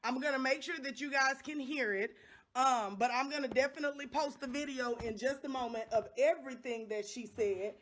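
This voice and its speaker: Middle-aged woman, upset vlogger, impassioned and repetitive, higher pitched. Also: a little fast, a bit bright, slight background noise. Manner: impassioned, repeats phrases for emphasis. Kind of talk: angry direct-to-camera vlog.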